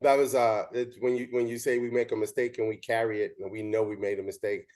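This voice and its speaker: Brief: male interview host, umpire, lively storyteller, average pitch. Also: fast talker. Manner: animated storytelling with quoted dialogue. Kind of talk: casual interview chat.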